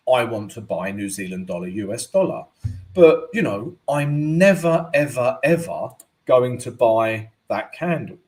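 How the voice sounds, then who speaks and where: A man hosting a live forex analysis stream, chatty and tagging most points with "right?". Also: medium pitch. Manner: chatty, keeps adding "right?". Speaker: forex trading host.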